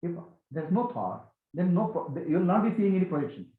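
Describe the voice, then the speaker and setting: Animated high-voiced man. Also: a little fast. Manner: animated, questioning, repeats key phrases. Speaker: spiritual teacher. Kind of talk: question-and-answer spiritual talk. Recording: echoey, tinny phone-like sound.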